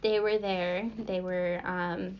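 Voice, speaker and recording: A young woman hosting a podcast speaks slowly in a fairly low, level voice while rambling through a story with frequent fillers and giggles. There's slight background noise, and the recording sounds dull and lo-fi.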